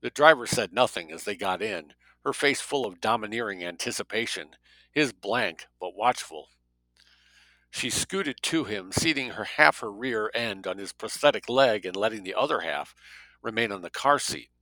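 A man narrating a story as an audiobook reader, with a steady, measured delivery. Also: on the low side, no echo, rough recording.

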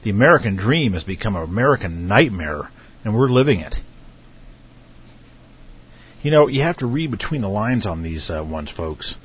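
Low-voiced middle-aged man hosting a lo-fi talk show. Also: sing-song, breathy edge. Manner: halting, frequent filler hesitations. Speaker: host. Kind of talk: live internet radio talk monologue. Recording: dull lo-fi audio with faint noise.

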